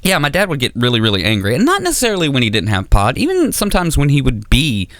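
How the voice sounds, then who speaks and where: A man doing a stand-up comedy set on stage, rambling and self-deprecating with dark humor. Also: mid-range voice, huge pitch swings, fast, dry recording, studio quality.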